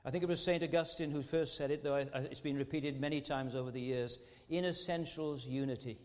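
A man's voice: medium pitch, steady tone, fast talker, a little mellow. A man preaching a sermon as pastor, earnest and fond of rhetorical tag questions. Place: large church sanctuary. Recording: long church hall reverb.

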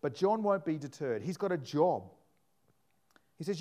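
A man preaching a sermon, animated, acting out scripture in different voices. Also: on the high side, fairly quick.

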